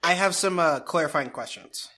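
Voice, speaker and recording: A woman's voice: low voice, normal speed, bright, forceful tone. A woman co-hosting a podcast in casual chat, dryly asking clarifying questions.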